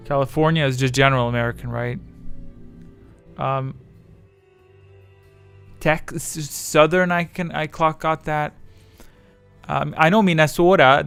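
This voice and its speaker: A man's voice: mid-range voice, creaky, a bit bright, smooth. A man chatting casually on his livestream, rambling and self-deprecating as his thoughts wander. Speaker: streamer.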